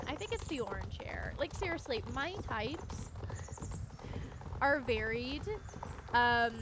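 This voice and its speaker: Young woman streamer, chatty gameplay talk, gravelly fry, loud game noise behind. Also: fairly high pitch. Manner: chatty, giggly, thinks out loud. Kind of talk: casual gameplay commentary.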